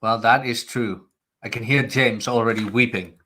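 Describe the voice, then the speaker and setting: A man co-hosting a live stream over a video call. He tells his story in a relaxed, casual way. His voice sits at a middle pitch. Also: normal speed. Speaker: co-host and audiobook narrator.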